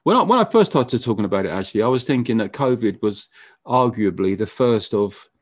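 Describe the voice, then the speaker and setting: A man being interviewed as a musician, talking casually in a halting way with frequent stammered restarts. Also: on the low side, lively intonation, no room sound. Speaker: musician guest.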